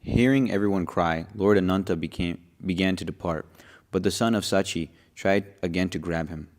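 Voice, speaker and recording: A man reads scripture aloud for a group, steady but correcting himself now and then. His voice is very deep. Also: moderate pace. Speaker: reader in a group reading.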